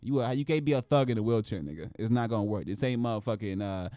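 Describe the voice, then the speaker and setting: A man's voice: fairly low pitch, fast, dark tone, clear, resonant tone, no room sound. A man hosting a casual show where he reacts to news clips, with profane, joking rants. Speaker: show host.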